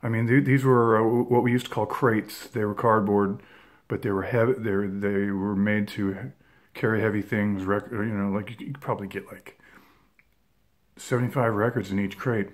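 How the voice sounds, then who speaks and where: A man's voice: lowish voice, steady tone, moderate pace. A man in his fifties telling a rambling personal story with many fillers and restarts. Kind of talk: casual anecdote.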